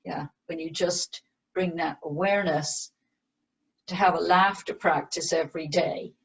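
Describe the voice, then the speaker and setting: A woman meditation teacher and author, explaining her practice in a slow, gentle way as an interview guest. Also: deep voice, fairly even intonation, creaky, breathy edge, low-quality recording. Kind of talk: interview conversation.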